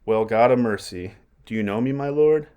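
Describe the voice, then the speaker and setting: A man's voice: mid-range voice, moderate pace, clear, resonant tone, dull audio, natural voice. A man reading aloud the lines of a fussy, meddling old male courtier, in a plain reading voice.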